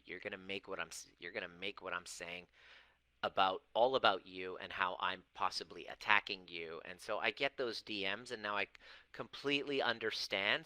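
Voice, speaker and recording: A man in his forties speaks straight to the camera in an emphatic monologue. He draws out key words slowly and circles back on his phrases. His voice is bright and crisp, and slightly low, in a dry-sounding space. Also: no room sound, poor audio. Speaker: self-help coach and former chiropractor. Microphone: camera mic.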